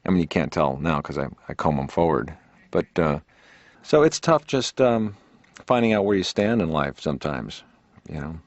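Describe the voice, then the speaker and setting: With a very deep voice delivers dry deadpan one-liners as a cartoon patient. The sound is dull and close, with no room echo. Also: male voice, normal speed, heavily acted. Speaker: comedian as therapy patient. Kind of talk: stand-up routine.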